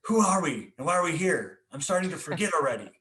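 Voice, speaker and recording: A man's voice: a little high, very animated, fast, pushed and bright, reverberant, recorded from a distance, voice pushed up. A man doing an eager little boy. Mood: wondering. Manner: eager, wondering. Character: small curious boy, earnest and eager.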